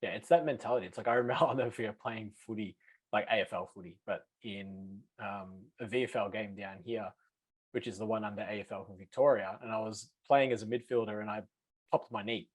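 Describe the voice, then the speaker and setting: Husky aussie guy on a podcast, talks fast, laughs a lot, swears. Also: fairly low pitch, no room sound. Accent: Australian. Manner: laughs often, swears freely. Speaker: podcast co-host. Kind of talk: casual podcast chat.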